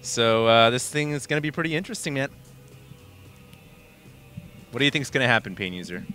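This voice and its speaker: A man's voice: mid-range voice, expressive, brisk, bright, forceful tone, faint music behind. A man doing color commentary on a video game match, upbeat and jokey. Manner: upbeat, jokey, laughs easily. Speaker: esports caster.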